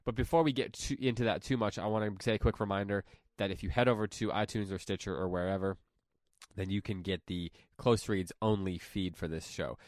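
A man's voice: low voice, no room sound, clean studio sound. A man hosting a casual podcast chat, rambling and chuckling as he interrupts himself. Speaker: podcast host.

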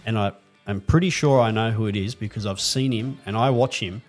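A man talks in a low voice, spinning crude, swear-laden stories in a casual podcast chat. Faint music sits quietly behind him. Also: fairly quick. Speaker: podcast co-host.

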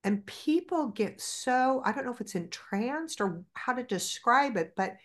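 Animated, foul-mouthed woman storyteller. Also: a little high, unhurried. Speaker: guest. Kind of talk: candid podcast conversation.

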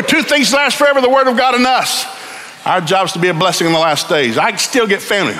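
A man preaching a sermon in a church, telling stories in an animated way and building up to shouts. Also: high-pitched, fairly quick, some chatter behind, a little hiss or hum. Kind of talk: sermon with storytelling.

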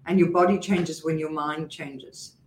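A woman's voice: deep voice, fairly even intonation, a little slow, a crowd in the background. An Australian woman from Queensland, guest on a podcast, talking emphatically about communication and repeating points for force. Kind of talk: podcast interview. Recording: roomy echo.

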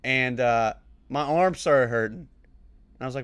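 A man's voice: medium pitch, fairly quick, a bit bright, no room sound. A young man co-hosting a podcast, joking in a laid-back way and swearing freely. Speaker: podcast co-host. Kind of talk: casual chat.

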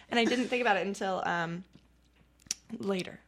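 Bright, giggly woman co-host. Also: a little high, sing-song, normal speed, creaky. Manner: giggly, rambling, self-deprecating. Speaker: podcast co-host. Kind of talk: casual chat.

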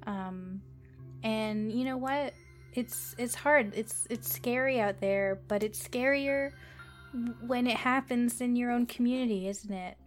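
A tiny, gentle woman playing good cop, as a player puts her on, coaxing softly and reassuring. Her voice is fairly high. Faint music plays behind. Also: unhurried, lightly acted. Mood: soothing.

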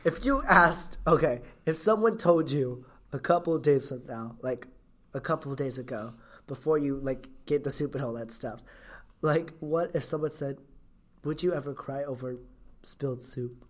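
Young woman, podcast co-host, low voice, relaxed casual chat. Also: normal speed. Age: young adult. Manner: relaxed, chatty, says 'like' a lot.

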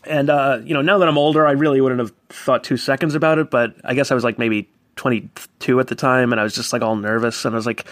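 A man in his thirties from New York telling a casual, animated personal story and acting out quoted voices. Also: medium pitch, fast, no echo. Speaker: guest storyteller. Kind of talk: casual anecdote.

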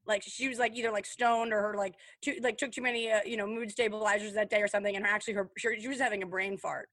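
A woman co-hosting a podcast in casual chat, excitable and rambling, full of fillers and playful imitations. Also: medium pitch, quick pace, dry recording. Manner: excitable, lots of fillers, mimics voices. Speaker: podcast co-host.

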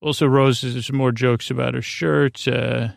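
A man hosting a sleep podcast, recapping an episode in a halting way, with many fillers and restarts as he quotes dialogue. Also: medium pitch, gravelly, no echo, studio quality. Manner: retells dialogue in a flat quoting voice. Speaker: podcast host.

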